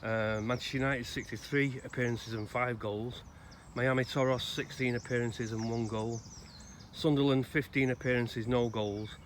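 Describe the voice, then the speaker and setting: A man's voice: mid-range voice, fairly even intonation. Man rambling outdoors. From Salford, England. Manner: rambling and conversational, with many pauses. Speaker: grave-visiting vlogger. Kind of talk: casual spoken tribute and storytelling. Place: outdoors in a cemetery. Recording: outdoor noise behind the voice.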